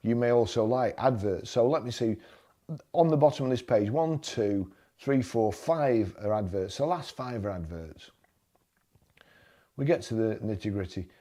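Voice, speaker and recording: A man's voice: medium pitch, animated, moderate pace, mellow. Blunt man ranting over listings. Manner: exasperated, blunt, repeats himself when riled. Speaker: motoring vlogger. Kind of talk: screen-browsing commentary and rant.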